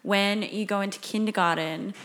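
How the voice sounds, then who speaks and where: A woman's voice: medium pitch, steady tone, moderate pace, fairly bright tone, rough recording. A young woman co-hosting a podcast, rambling through a story in casual chat with lots of filler words. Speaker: podcast co-host.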